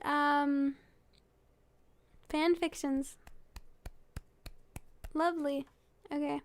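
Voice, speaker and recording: A woman's voice: sits high, steady tone, slow, pauses often, a little mellow. A sleepy young woman reading fan fiction aloud late at night, rambling and giggly with many fillers.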